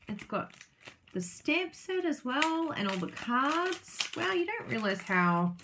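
A woman chatting casually as she unboxes craft kits, gushing and excitable, laughing often. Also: medium pitch, background noise. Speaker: craft vlogger and product demonstrator.

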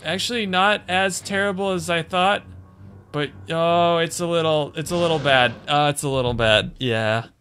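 A man's voice: a little high, moderate pace, a bit bright, faint music behind. A man playing a video game and commenting as he goes, growing exasperated and grumbling about the controls. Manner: frustrated, exasperated, muttering complaints. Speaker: gaming channel host. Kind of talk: let's play commentary.

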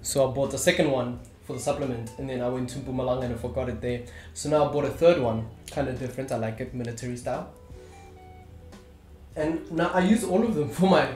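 Young man, casual self-deprecating vlog chat, mid pitch, roomy space with music bed. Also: brisk. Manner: chatty, self-deprecating, joking. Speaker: vlogger. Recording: roomy room with background music. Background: soft guitar music.

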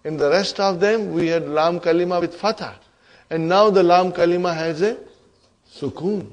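A man's voice: high-pitched, moderate pace. A man teaching an Arabic grammar lesson to a class, often checking in with "huh?" and "are you with me?".

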